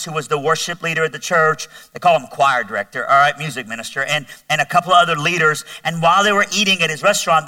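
A man telling his testimony from a church stage, chatty and animated, and poking fun at himself. His voice is bright and forceful, pitched a little high. He sounds some distance from the microphone. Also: no room sound. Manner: animated, conversational, self-mocking humor. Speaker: guest speaker giving testimony. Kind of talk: sermon testimony storytelling.

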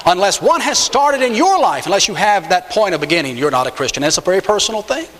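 A man preaching with an emphatic style, his fairly high voice leaping upward on the words he wants to stress. His voice rings out with a long reverb trail, as if from a big sanctuary. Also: sing-song, fast, a bit bright. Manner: emphatic preaching, swings pitch up on key words. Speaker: pastor. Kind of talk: sermon.

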